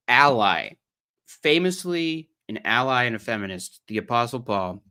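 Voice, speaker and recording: A man's voice: medium pitch, very animated, normal speed, sharp tone. A man with an Ohio accent giving sarcastic, mocking livestream commentary on an article he reads aloud. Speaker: streamer.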